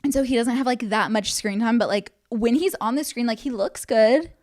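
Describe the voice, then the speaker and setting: A woman's voice: on the high side, moderate pace, a little mellow, slight background noise. A young woman co-hosting a podcast, chatting casually with lots of filler words. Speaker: podcast co-host. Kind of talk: casual chat.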